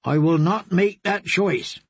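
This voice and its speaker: A woman's voice: fairly low pitch, takes it slowly, breathy edge, dry recording, voice pushed up, exaggerated voice. A man voicing an earnest young woman knight who pleads and stammers her oaths. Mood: resolute.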